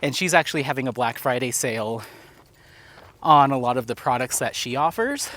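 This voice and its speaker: A man with a mid-range, slightly bright voice talks briskly as he vlogs on an outdoor walk. He's a bit out of breath, chatting casually and rambling with plenty of filler.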